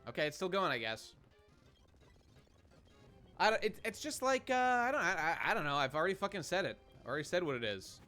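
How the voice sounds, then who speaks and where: A man's voice: high voice, sing-song, a little fast, pauses often, sharp tone, faint music behind. A man streaming a game and chatting with his viewers in a rambling, profane way, often restarting his sentences. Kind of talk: casual live-stream commentary.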